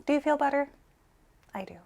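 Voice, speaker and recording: A woman's voice: high voice, fairly quick, vocal fry, darkish tone. A woman in her forties co-hosting a collectors' vlog, telling a story in an earnest, sentimental, gushing way. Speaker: collector co-host.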